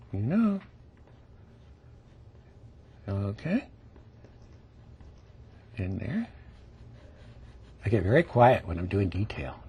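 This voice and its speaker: A man leading a painting lesson on television, speaking slowly and gently in a slightly husky voice. He keeps asking the viewer to look, and often sinks to a whisper while he works a stroke. His pitch sits a little high and moves a lot. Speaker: painting instructor.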